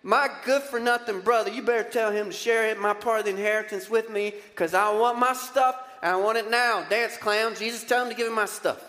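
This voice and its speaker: A male preacher putting on a pushy, drunk heckler who shouts demands from a crowd, in an echoey hall. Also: sits high, steady tone, brisk, few pauses, pitched above the performer's own voice. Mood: demanding. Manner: brash, demanding, mocking.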